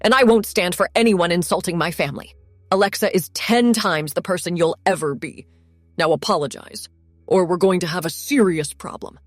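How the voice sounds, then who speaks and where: Woman doing a loyal protective brother, low firm voice, slightly gravelly, storybook reading. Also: animated, a little slow, no room sound, soft background music. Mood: angry. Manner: low, firm, then gentle. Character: protective young man, fiercely loyal brother.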